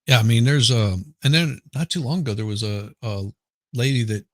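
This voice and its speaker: A man's voice: mid-range voice, fairly quick, a bit bright, no echo. A man appearing as a guest on a casual livestream chat over a video call, rambling and trailing off mid-sentence.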